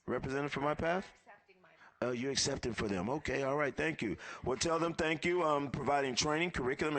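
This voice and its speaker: A man's voice: mid-range voice, fairly bright tone. A man emceeing a live event, thanking sponsors and calling guests up one by one in an upbeat way.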